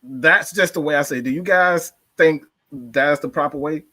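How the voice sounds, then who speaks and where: A man's voice: fairly high pitch, moderate pace, pushed and bright. A man as a guest in a casual podcast chat, hesitating and restarting as he puts a question to the group.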